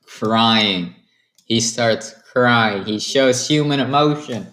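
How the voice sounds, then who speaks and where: A woman with an extremely low voice and an unhurried pace rambles through a recap of her own improvised series. She drops flat, deadpan asides as she goes. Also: a little hiss or hum. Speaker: series creator recapping an episode. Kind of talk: casual comic retelling.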